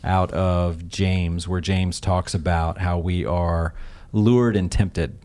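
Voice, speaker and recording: A man with a lowish voice hosts a relaxed podcast from the studio. He tells stories with lots of energy, and his voice jumps up when he acts out the people he quotes. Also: slow pace. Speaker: podcast co-host. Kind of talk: casual podcast chat.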